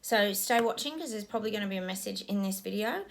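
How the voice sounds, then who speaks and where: A woman's voice: mid-range voice, animated, fast talker. A woman giving a casual psychic reading, musing aloud with frequent ums as she describes what she is being shown.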